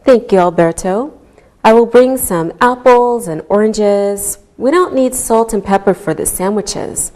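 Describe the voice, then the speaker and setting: Woman English teacher, unhurried classroom delivery, even mid-range voice. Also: mid-range voice. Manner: slow, clearly enunciated teaching voice. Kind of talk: slow classroom instruction.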